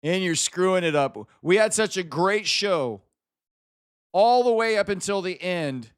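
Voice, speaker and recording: A man's voice: high voice, animated, unhurried, smooth, no echo, clean studio sound. A man hosting a live stream, teasing and mock-scolding a viewer in casual chat banter. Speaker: livestream host.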